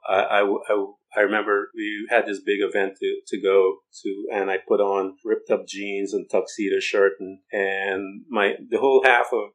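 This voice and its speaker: A man's voice: on the low side, low-quality recording. A middle-aged man preaching an informal sermon, telling stories in a rambling way, repeating words and acting out the voices of people he quotes.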